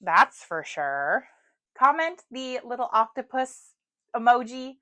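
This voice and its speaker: A woman's voice: fairly high pitch, sing-song, slow, sharp tone. A woman chatting casually about books at home, chatty and self-deprecating, with lots of "like". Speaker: booktuber. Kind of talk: casual book chat.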